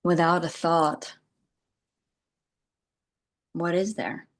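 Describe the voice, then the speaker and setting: Woman spiritual teacher, low voice, unhurried, meandering meditative talk with soft laughs. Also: steady tone. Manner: soft, unhurried and meandering, with frequent "you know" and "like" and gentle laughs.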